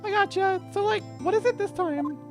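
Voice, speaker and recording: A woman's voice: very high voice, normal speed, music in the background, pitched above the performer's own voice. A woman voicing a bubbly teenage girl, a playful younger sister, who talks in a valley-girl drawl full of "like".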